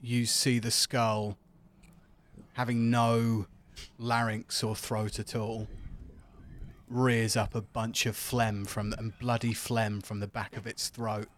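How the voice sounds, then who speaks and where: A man's voice: lowish voice, little pitch movement, slow pace, slight background noise. A man narrating a tabletop role-playing game as game master, describing scenes.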